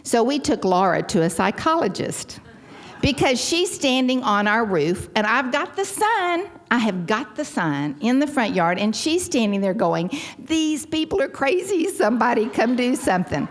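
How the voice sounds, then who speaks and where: A Texan woman in her sixties telling her personal story at a convention with wry, self-deprecating humor and sudden lively leaps in pitch. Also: measured pace. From Texas. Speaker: convention speaker sharing her recovery story.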